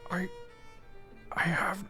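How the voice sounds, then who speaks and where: A man's voice: extremely slow, bright, forceful tone, soft background music, full character voice. A stuffy little talking object sniffs its replies, put on by a man at a game table. It sounds prim, aloof and faintly offended.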